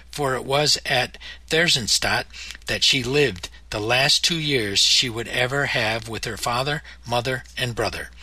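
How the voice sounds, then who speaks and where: A man narrating his memoir in a measured, somber audiobook reading. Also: medium pitch, bright, forceful tone, breathy edge, no echo, poor audio.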